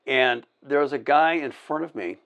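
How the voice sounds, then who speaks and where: A man telling stories on a podcast in a casual chat. He acts out sound effects, shouts the lines of people he quotes, swears freely and often restarts his sentences. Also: medium pitch, normal speed, creaky, lo-fi sound. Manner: animated anecdote-teller with sound effects, shouted quotes and laughter; profane, full of restarts. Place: indoor podcast set.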